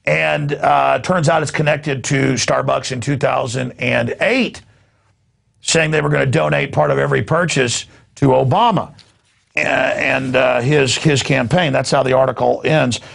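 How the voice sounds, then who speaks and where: Host, male, gravelly and husky, rambling sarcastic news rant. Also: medium pitch, steady tone, unhurried, fairly bright tone. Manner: sarcastic, rambling, laughing asides.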